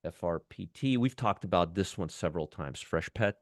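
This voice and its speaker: A man's voice: low-pitched, expressive, moderate pace, dry recording, clean studio sound. A man hosting a stock trading show, talking casually and enthusiastically about charts, often repeating words and restarting phrases. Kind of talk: casual market commentary.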